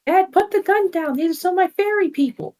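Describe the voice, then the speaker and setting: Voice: medium pitch, lively intonation, fast, a little mellow, voice pushed up, lightly acted. A reader voicing an earnest teenage girl who pleads with her family and reassures them. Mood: pleading. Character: teen girl heroine, earnest and protective. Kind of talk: amateur audio drama reading.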